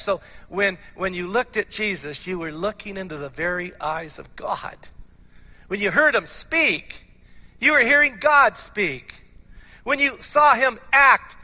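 A man preaching in a high, piercingly bright voice that rings out with a long church reverb. He is animated and emphatic, often restarting his words, and sounds slightly hoarse. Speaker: pastor. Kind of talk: sermon. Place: church sanctuary.

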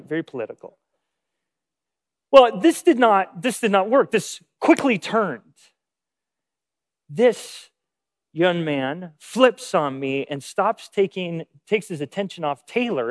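A pastor with a high-sitting, fairly bright voice opens his sermon with an anecdote, acting out the lines of the people in the story.

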